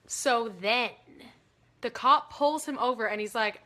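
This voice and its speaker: A woman's voice: fairly high pitch, normal speed, bright, forceful tone. A young woman hosting a casual livestream, chatty and giggly, rambling through stories. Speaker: livestream host.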